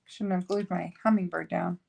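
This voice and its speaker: A woman's voice: on the low side, fairly even intonation, normal speed, vocal fry, a little mellow. A woman hosting a card-making video, chatting casually and thinking aloud as she works. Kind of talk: casual crafting tutorial chat.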